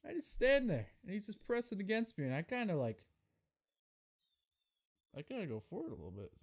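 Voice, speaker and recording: A young man hosting his own podcast, telling a story in a profane, exasperated, animated rant. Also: sits high, brisk. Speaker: podcast host. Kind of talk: solo comedic storytelling rant.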